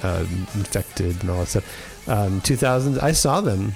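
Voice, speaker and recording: A man's voice: on the low side, animated, a little slow, gravelly, soft background music. A man hosting a podcast in a casual chat, talking in a rambling, enthusiastic way with many fillers. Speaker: podcast host.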